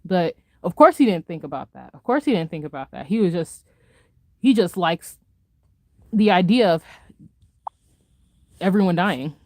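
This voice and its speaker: A young adult woman live streamer, ranting in a casual, animated way with lots of slang and laughter while she reads chat. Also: on the low side, no room sound. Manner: animated, fast-talking rant with frequent laughter and slang.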